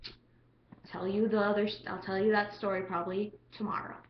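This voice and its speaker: A teenage girl telling a story in a casual vlog, chatty and full of "like," acting out quotes with big jumps in pitch. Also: little pitch movement, normal speed, reverberant, muffled recording, a little hiss or hum. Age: teens. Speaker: vlogger.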